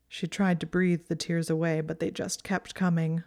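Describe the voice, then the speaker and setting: Low-voiced woman reading a story. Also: level tone, normal speed, gravelly, darkish tone. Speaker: narrator. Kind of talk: audiobook narration of fan fiction.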